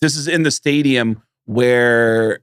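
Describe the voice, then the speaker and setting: A man co-hosting a podcast, telling animated stories with plenty of swearing and acted-out quotes. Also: mid-range voice, takes it slowly, clear, resonant tone, no echo, studio quality. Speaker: podcast co-host. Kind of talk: casual storytelling chat.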